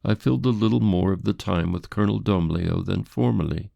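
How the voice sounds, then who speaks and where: A haughty society lady in an audiobook, prim and defensive, her voice lifted well above the deep gravelly tone of the man reading her. She speaks formally and with indignation. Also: brisk, mellow, dry recording, exaggerated voice.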